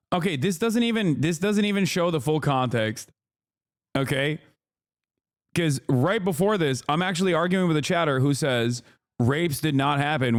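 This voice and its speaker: A man streaming live, reacting to a clip and arguing his point in a heated, sarcastic way with quick restarts and fillers. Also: on the high side. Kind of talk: casual stream commentary.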